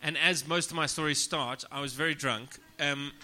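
A man's voice: on the high side, steady tone, normal speed, pushed and bright. A man, a comedian guest, telling crude, self-deprecating stories on a casual podcast and often laughing as he talks. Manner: laughs through his own stories.

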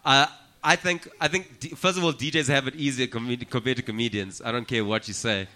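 A man's voice: medium pitch, fairly quick. A man, a comedian talking as a podcast guest in casual, profane, joking chat. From South Africa. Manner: profane, joking, animated storytelling.

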